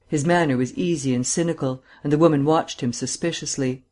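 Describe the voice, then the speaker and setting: A man narrating a detective novel audiobook in a measured, steady way. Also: mid-range voice.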